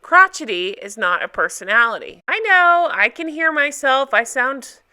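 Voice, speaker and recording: Bright, lively woman recapping TV. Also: high voice, normal speed, clean tone. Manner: chatty, animated, jumps between topics. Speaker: recap vlogger. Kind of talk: casual TV recap chat.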